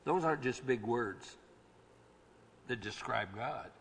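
A man preaching a sermon, swinging from hushed, low phrases to loud shouted ones and drawing key words out slowly. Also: lively intonation, a little hiss or hum. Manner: slow, drawn-out emphasis on key words. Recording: long reverb of a large hall.

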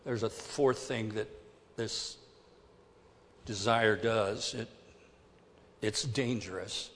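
A male pastor delivers a sermon at an unhurried, measured pace. His preaching is emphatic and deliberate, moving between hushed and forceful passages. The voice carries a long, lingering reverb from a large church sanctuary. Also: lowish voice, fairly even intonation. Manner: emphatic, deliberate preaching with dramatic swings in volume.

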